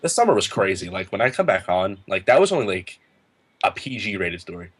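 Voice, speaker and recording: A man in his late teens, a podcast guest, telling a story in a lively way, laughing often and acting out the other people's lines in a raised voice. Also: a little fast, breathy edge. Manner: animated, laughing, acts out quotes in a higher voice. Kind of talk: casual storytelling.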